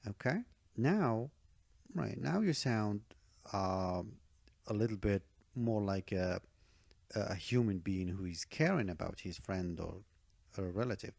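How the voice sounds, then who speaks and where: Male test-prep teacher, low gravelly voice, emphatic, keeps checking in with the viewer. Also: animated, slow pace, darkish tone, no room sound. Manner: emphatic, checks in with "okay?" and "all right?"; repeats key advice for emphasis. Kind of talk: online speaking-test tutorial.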